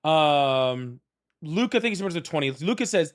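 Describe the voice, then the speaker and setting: A man's voice: fairly high pitch, expressive. A man hosting a live political call-in stream, chatting casually and pressing callers hard. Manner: argumentative, quick to press callers.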